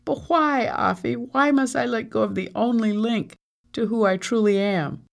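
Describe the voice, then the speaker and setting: A storybook narrator voicing a young captive woman who pleads and cries out in grief, over soft guitar music. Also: sing-song, moderate pace, vocal fry, husky, exaggerated voice. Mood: pleading. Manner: pleading, rising to high cries.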